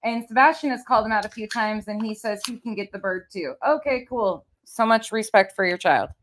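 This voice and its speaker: A woman's voice: a little high, brisk, fairly bright tone, a little hiss or hum. A woman hosting a recap commentary, blunt, sarcastic and profane. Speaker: commentary host. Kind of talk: recap commentary over played clips.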